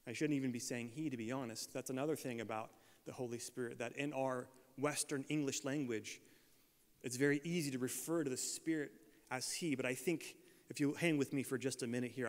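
An American man preaching a sermon, telling a funny travel story with self-deprecating humor before turning to scripture. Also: mid-range voice. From United States. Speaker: pastor. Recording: long reverb of a large hall.

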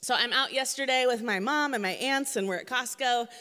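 A woman's voice: fairly high pitch, a little fast, bright, forceful tone, big-room sound. A woman giving a casual church sermon from the stage, telling chatty, self-deprecating stories with many fillers. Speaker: guest speaker filling in for the pastor.

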